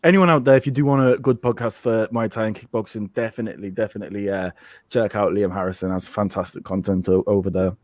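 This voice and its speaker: A man co-hosting a live fight watch-along, chatting casually and jumping up in pitch when he reacts. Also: fast, darkish tone, no room sound, studio quality. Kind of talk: casual live commentary chat.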